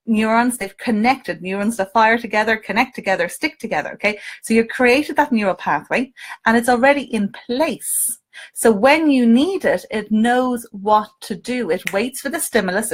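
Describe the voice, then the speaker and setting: A woman with an Irish accent, a coach and hypnotist, talking live to her viewers in an animated, coaxing way and often checking in with them. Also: a little high. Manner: animated, coaxing, asks viewers questions, frequent "okay?". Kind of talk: live-stream talk to viewers.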